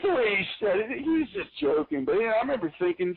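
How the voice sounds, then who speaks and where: A man from Philadelphia, a guest musician telling stories in a casual, animated way with frequent laughs, over a tinny phone-line radio call. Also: very high-pitched, quick pace, gravelly, few pauses. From Philadelphia, USA. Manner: chatty, animated, laughs often. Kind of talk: casual interview storytelling.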